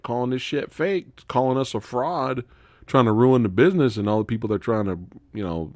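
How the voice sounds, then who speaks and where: A man talks casually on his live stream, swearing freely and laughing as he tells stories. His voice sits low, and his pitch jumps around a lot. The sound is dry and close to the mic. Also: no room sound. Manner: profane, animated storytelling with frequent laughter. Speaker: host.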